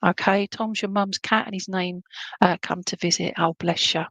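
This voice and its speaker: Woman, live psychic reading, chatty, animated, hums snippets of songs, dry close sound. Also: on the low side, normal speed, creaky, dry recording. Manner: chatty and animated, hums tunes and relays messages to the viewer. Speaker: medium giving live readings.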